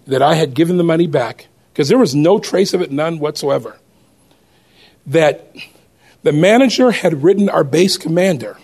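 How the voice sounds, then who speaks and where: A man telling a personal testimony story to a congregation in an animated way, often laughing as he goes. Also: a little high.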